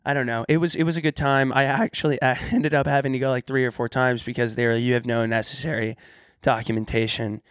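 A woman's voice: a bass voice, steady tone, fast, hardly any pauses, no room sound. Brief: woman co-host, casual podcast banter, joking and rambling, dry close mic. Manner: jokey, rambling, playful put-on voices. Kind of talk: casual chat.

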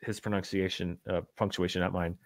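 Male podcast host, slightly low voice, casual and wry, talks with plenty of ums and restarts. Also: flat delivery, brisk. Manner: joking, wry, with many fillers and restarts. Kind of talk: casual chat reading news.

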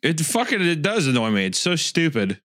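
A man co-hosting a casual podcast, animated as he reads out trivia. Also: on the high side, moderate pace, dry recording, clean studio sound. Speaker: podcast co-host.

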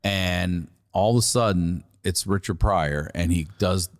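A middle-aged man from Maryland, a comedian guest telling a profane, animated story in casual conversation. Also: deep voice, measured pace.

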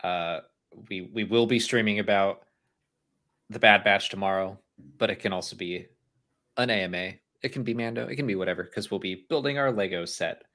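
Man, lowish voice, casual live-stream chat, laughs a lot, reads viewer messages. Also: moderate pace. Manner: animated, laughs often, reads super chats aloud. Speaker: podcast co-host.

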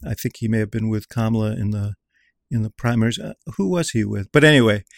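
A man's voice: lowish voice, fast, creaky, no echo. A man in a political panel discussion, chatty and anecdotal. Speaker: political commentator.

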